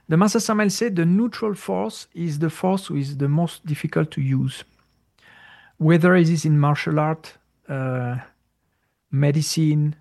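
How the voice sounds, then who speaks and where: A man speaking English as a second language, explaining spiritual ideas in a casual, halting way with many fillers and searches for words. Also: on the high side, vocal fry, a little mellow. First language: not English. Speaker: spiritual teacher. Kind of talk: casual conversational talk.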